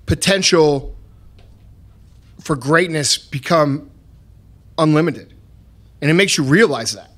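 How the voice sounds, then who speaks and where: A man hosting a podcast, talking in a blunt, profane and emphatic motivational way. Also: a little high. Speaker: podcast host.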